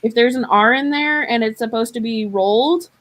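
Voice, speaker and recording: A woman's voice: fairly high pitch, moderate pace, a bit bright. A woman from Arizona, chatting casually, rambling and self-deprecating. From Arizona, USA. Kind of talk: casual chat.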